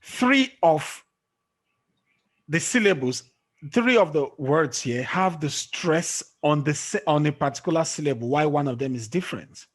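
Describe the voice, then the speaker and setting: Speaking at a measured pace in a fairly high, lively voice, this man runs an online English class. He patiently asks quiz questions and keeps checking in with "okay?" It's captured through a screen-sharing call or recording.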